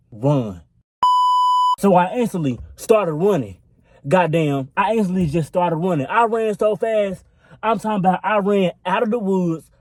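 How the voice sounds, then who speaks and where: A man's voice: sits high, a little mellow, no echo. A young man telling a storytime vlog into his phone in a rambling, profane, filler-laden way. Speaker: vlogger. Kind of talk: casual storytime.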